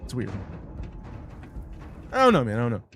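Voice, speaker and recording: A man's voice: medium pitch, wildly swooping pitch, moderate pace, vocal fry, over loud music. A young adult man streaming a game live, chatting casually, with profane, joking commentary and sudden sing-song bursts. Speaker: gaming streamer.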